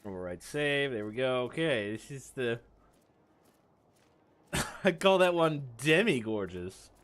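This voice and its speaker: A man's voice: mid-range voice, animated, slow pace, a bit bright. A man casually chatting to viewers while playing a game, with laid-back, mumbled asides. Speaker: game streamer. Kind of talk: casual livestream chat.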